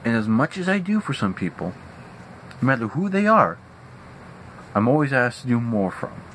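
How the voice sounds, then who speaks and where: Young male vlogger, angry profane rant, animated delivery, light background noise. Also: mid-range voice, moderate pace, poor audio. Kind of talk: venting rant. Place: at home indoors.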